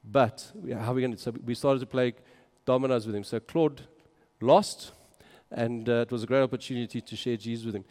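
A man's voice: mid-range voice, fairly even intonation, brisk, hardly any pauses, darkish tone. A man, a minister, narrating travel photos in a casual, enthusiastic and exclaiming way. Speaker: minister on a mission trip. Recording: long hall reverb.

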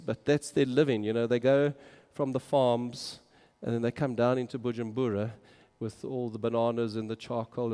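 A man with a clear, resonant, mellow medium-pitched voice walks through travel photos from his mission trip as a minister, keeping it casual and enthusiastic with plenty of exclamations. Long hall reverb colours the recording.

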